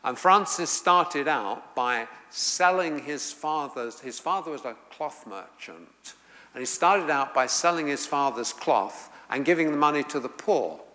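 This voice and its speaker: A middle-aged male preacher teaches slowly and deliberately, pausing on fillers and restarting his thoughts. His voice is bright and clear, lifting with emphasis whenever he quotes scripture. The sound carries a long reverb from a large hall. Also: fairly high pitch, lively intonation. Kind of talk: sermon teaching.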